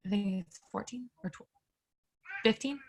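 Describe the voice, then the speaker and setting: A woman guest on an interview, telling a personal story in a candid, animated way and talking straight to her listeners. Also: medium pitch, normal speed, gravelly. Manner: animated and emphatic, filler-heavy; candid, addresses listeners directly.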